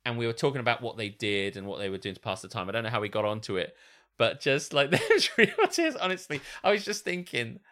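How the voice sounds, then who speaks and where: A man's voice: medium pitch, lively intonation, quick pace, fairly bright tone. A man, co-hosting a podcast, telling a story in casual chat and often mimicking voices and laughing. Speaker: podcast co-host.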